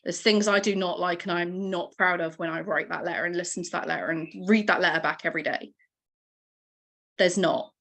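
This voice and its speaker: An earnest woman team leader gives a motivational training over a video call, sounding encouraging and emotional. Her voice is on the low side with a slightly bright tone.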